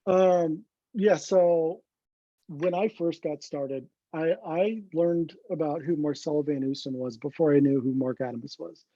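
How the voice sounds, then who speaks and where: A man, a guest photographer, telling an animated story in an interview and acting out what his friends said. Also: a little high, unhurried, no echo. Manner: animated anecdote teller, acts out quoted friends. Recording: dull lo-fi recording.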